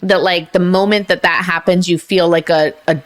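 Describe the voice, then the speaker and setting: Animated woman telling a story. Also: fairly low pitch, moderate pace. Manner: animated, swearing, acting out voices in her story. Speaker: podcast guest. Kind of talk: casual storytelling chat.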